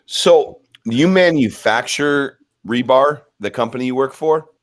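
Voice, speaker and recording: A man's voice: mid-range voice, a little slow. A man chatting casually as a podcast guest, laid-back and easygoing, with casual slang.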